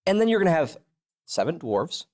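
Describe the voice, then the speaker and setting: A man's voice: fairly high pitch, big pitch swings, brisk, darkish tone. A man in casual chat as a co-host, joking in a wry, bantering way.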